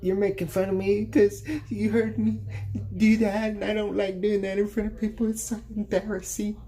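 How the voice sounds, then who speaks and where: Man doing a high, whiny embarrassed sister. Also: little pitch movement, normal speed, mellow. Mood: upset. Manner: high, upset pleading.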